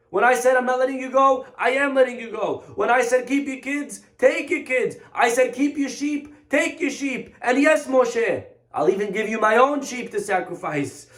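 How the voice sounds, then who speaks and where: Man doing a frantic groveling king, shrill high pleading, strained, undignified. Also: echoey room, heavily acted. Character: panicked groveling Egyptian king, male, adult.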